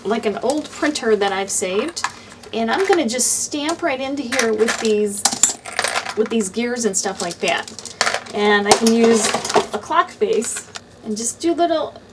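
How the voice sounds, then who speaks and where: A woman's voice: on the high side, expressive, measured pace, very noisy. A woman hosting a craft channel, talking casually through each step of a do-it-yourself tutorial.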